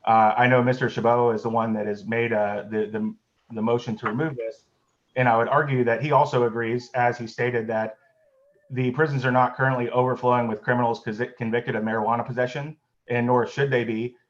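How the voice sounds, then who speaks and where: A convention delegate giving formal, argumentative testimony to a committee over a video call. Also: male voice, mid-range voice, little pitch movement, brisk, lo-fi sound. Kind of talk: public testimony.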